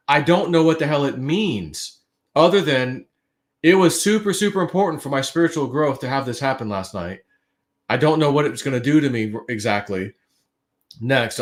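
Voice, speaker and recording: A man on a livestream telling a long dream story in a casual, rambling way, full of fillers and restarts. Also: mid-range voice. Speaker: guest.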